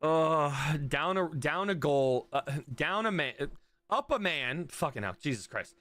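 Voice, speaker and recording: A man's voice: on the high side, expressive, measured pace, a bit bright, dry recording. Profane, ranting male streamer, dry sound. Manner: exasperated, profane ranting to viewers. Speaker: streamer reacting to a soccer match. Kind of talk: live stream reaction rant.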